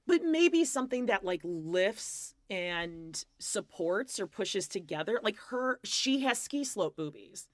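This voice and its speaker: A woman's voice: mid-range voice, big pitch swings, takes it slowly, few pauses. A woman co-hosting a podcast in casual gossip chat, blunt and joking, full of "like" fillers. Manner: chatty, frequent "like" fillers, blunt jokes. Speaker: podcast co-host.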